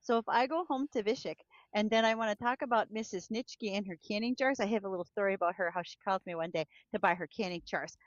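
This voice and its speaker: A woman co-hosts a farm broadcast, talking in a chatty, easygoing way. Her voice sits at an ordinary middle pitch. The audio is dry and slightly dull. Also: fast talker, few pauses, no room sound. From North Dakota. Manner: chatty, laughs easily, storytelling. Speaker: agriculture director and co-host. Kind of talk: casual on-air chat and farm market report. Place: broadcast studio.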